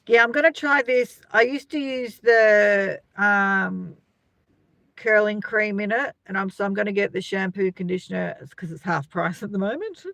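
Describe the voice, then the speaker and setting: This middle-aged Australian livestream host has a gravelly, fairly bright voice of medium pitch, with fairly even intonation and a moderate pace, recorded without echo. She chats casually and rambles, reading comments and greeting viewers by name.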